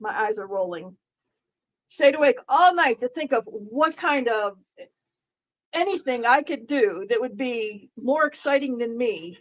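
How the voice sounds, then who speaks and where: A woman's voice: fairly high pitch, expressive, a little slow, dull audio. A middle-aged woman streaming live, chatting casually in a dry, sarcastic, rambling way with frequent restarts.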